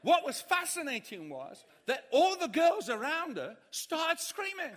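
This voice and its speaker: Man, preacher, animated sermon storytelling, high bright voice, long hall reverb. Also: measured pace. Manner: animated storytelling, acting out panic in high shouts. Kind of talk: sermon with humorous anecdote.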